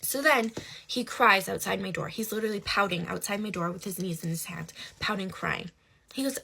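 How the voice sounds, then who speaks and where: A young woman telling a personal story in casual conversation, animated, swinging between hushed asides and loud outbursts. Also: mid-range voice, a little fast, creaky, slightly rough.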